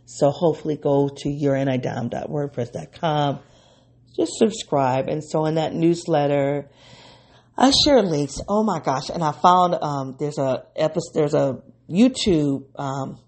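Low gravelly woman hosting a rambling podcast. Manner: rambling and excitable, laughing often. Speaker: podcast host. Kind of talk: unscripted solo podcast reflection.

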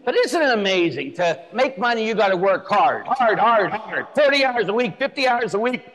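Blunt, animated male priest preaching with a fairly high voice that swoops widely, heard with a long echo in a church. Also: brisk. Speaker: Catholic priest. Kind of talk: sermon. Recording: echoey church hall.

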